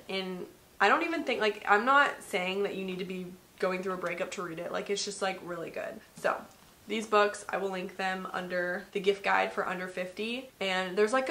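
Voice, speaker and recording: A woman's voice: medium pitch, moderate pace, fairly bright tone. A young woman in her twenties chatting casually in a gift-guide vlog from her bedroom, saying "like" a lot. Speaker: vlogger. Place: bedroom at home. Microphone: vlog camera.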